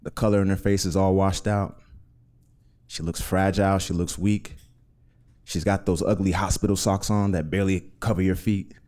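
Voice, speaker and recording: A man with a low, mellow voice tells a true personal story on stage. He speaks in an earnest, measured way, setting each moment down in present tense. The voice stays deep and warm throughout. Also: fairly even intonation. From Uganda.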